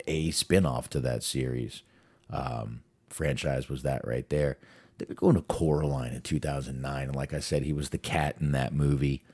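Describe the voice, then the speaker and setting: A man's voice: a bass voice, creaky, darkish tone, breathy edge. A man hosting a show, chatting casually and rambling, often stumbling over words and restarting. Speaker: podcast host. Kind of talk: casual career rundown.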